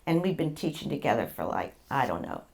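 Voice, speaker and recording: A woman's voice: rumbling low, very animated, a little fast, vocal fry. A middle-aged woman, telling her own story as a patient guest, rambling, repeating words and laughing as she goes. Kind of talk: candid personal storytelling.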